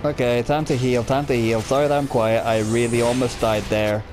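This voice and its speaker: A man's voice: mid-range voice, level tone, brisk. A young man casually commentating a video game, joking, rambling and a bit crude. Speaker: gameplay commentator. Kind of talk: casual let's-play commentary. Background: game music.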